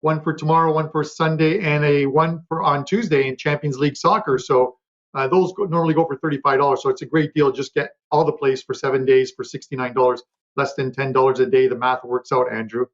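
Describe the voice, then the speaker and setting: A man on a betting panel, chatting quickly about his picks with lots of fillers and restarts. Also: mid-range voice, level tone, lo-fi sound. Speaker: sports betting handicapper. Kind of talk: casual panel talk.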